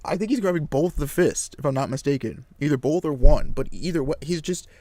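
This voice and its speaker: A man reading a comic aloud and reacting with excited exclamations and casual slang. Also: a little high, fairly quick, dry recording.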